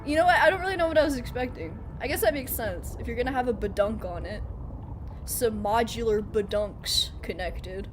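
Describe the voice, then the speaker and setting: A woman's voice: fairly high pitch, brisk, over music. A woman streaming a video game live, chatting casually and playfully and laughing often. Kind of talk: casual live gameplay chat. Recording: game sounds audible behind voice.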